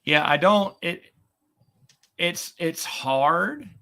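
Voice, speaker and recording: A middle-aged man in casual chat, a podcast host who talks in a sarcastic, chatty way and gets animated when retelling a story. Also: sits high, drawn-out words.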